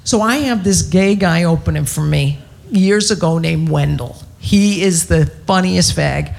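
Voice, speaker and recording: A woman's voice: fairly low pitch, a little slow, gravelly, darkish tone. A woman performing a stand-up comedy set, brash, profane and self-mocking.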